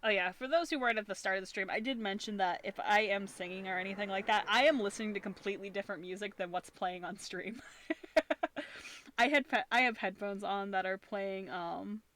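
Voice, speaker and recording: A woman streaming from an upstairs room at home, chatting casually while she crochets and laughing often, her voice slightly husky from talking. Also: medium pitch, brisk, fairly bright tone, no echo.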